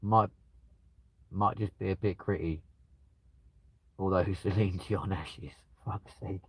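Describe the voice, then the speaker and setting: A man's voice: low-pitched, moderate pace, dry recording. A man, banter-style streamer reading out chat and answering with crude jokes, at home. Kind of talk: casual chat. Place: at home with dogs nearby.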